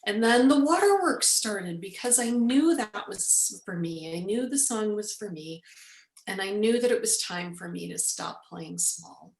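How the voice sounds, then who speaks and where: A woman in her forties tells a personal story in an interview, taking on the voices of the people in it. Her pitch sits in a mid range. The room sound is roomy and echoey. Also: measured pace. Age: 40s. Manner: animated storyteller, acts out quoted speech. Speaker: guest.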